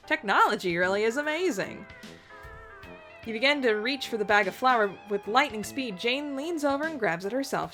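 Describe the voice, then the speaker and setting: A woman's voice: a little high, a bit bright. A young woman playing through and reading aloud a visual novel game, chatting and giggling between passages. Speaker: let's play host.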